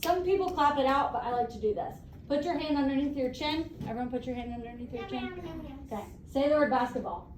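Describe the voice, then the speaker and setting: High-voiced woman teaching a class. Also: darkish tone, reverberant, far from the mic, slight background noise, rough recording. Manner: brisk, encouraging, asks questions.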